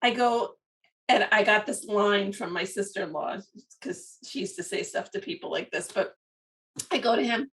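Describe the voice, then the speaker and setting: A woman co-hosting a podcast, telling a story in a lively way and often laughing mid-sentence. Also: mid-range voice, moderate pace, recorded from a distance. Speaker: podcast co-host. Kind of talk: casual storytelling chat.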